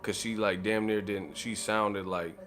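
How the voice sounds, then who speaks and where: A man's voice: on the low side, fairly even intonation, unhurried, a bit bright. Profane, laughing man telling a story. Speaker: boxing channel host. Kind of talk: casual storytelling monologue.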